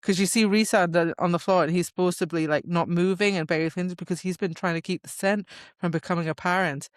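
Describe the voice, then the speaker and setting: A woman's voice: lowish voice, steady tone, fast, no echo. Give me a woman co-host chattily recapping a book, in a dry, close recording. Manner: chatty plot recap with fillers and restarts, quoting characters. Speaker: podcast co-host. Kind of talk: casual book-club chat.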